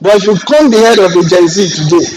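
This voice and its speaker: A middle-aged Nigerian man teaching a real estate class, lively and joking, acting out exchanges with clients as he goes. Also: high-pitched, fast, music in the background, rough recording. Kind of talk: classroom lecture with anecdotes.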